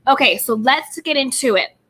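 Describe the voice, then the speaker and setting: Bright high-voiced bubbly woman host. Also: animated, normal speed, breathy edge. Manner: bubbly, greets viewers by name. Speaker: YouTube host. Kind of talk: live-stream reality TV chat. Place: California home.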